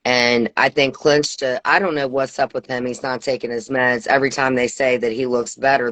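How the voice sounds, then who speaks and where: A woman chatting casually as host, rambling through an animated, gossipy story. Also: very deep voice, no echo.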